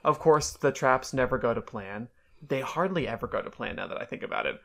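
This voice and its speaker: A woman's voice: extremely low pitch, animated, a little fast, vocal fry. A woman co-hosting a podcast, chatting casually and animatedly, laughing often. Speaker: podcast co-host. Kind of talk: casual chat.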